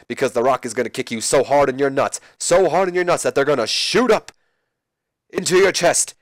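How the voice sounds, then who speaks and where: A man voicing a swaggering male wrestler who brags about himself in the third person with slow, drawn-out lines. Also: mid-range voice, dry recording, lightly acted. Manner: drawn-out, boastful.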